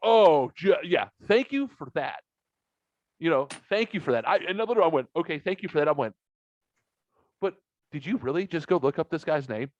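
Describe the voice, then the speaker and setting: A man co-hosting a casual podcast, telling animated stories, acting out other people's voices and swearing freely. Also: a little high, fairly quick. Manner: animated storyteller, acts out quoted voices, swears. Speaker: podcast co-host. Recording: dull, dry lo-fi recording.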